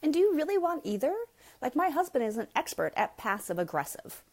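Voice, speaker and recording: A middle-aged woman hosts a live parenting question-and-answer session and answers viewer comments as they come in. She talks bluntly and frankly and leans hard on her points. Her pitch swings sharply upward whenever she gets animated. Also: a little fast. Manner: animated, with sudden jumps up in pitch. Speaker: parenting coach host.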